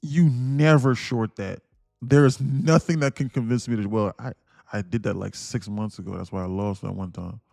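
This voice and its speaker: A man's voice: lowish voice, steady tone, normal speed, creaky, a little mellow, no echo, clean studio sound, faint music behind. Emphatic man ranting on a trading stream. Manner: emphatic, repetitive, laughs between points. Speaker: day trader streaming live. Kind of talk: livestream rant and trading commentary.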